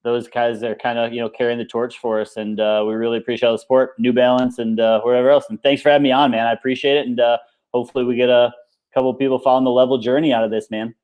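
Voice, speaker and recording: A man's voice: medium pitch, little pitch movement, fast talker, a little mellow, smooth. Rambling man as an interview guest. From United States. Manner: rambling, filler-heavy, repeats words. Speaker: guest, paintball coach. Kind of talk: casual interview chat.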